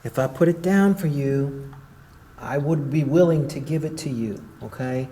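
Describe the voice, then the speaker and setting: A man's voice: a little high, a little slow, mellow, roomy sound, slight background noise, rough recording. A man, a paranormal investigator, talks tenderly to unseen spirits in a derelict hospital at night, pleading and calling them honey and sweetheart. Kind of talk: coaxing talk to unseen spirits.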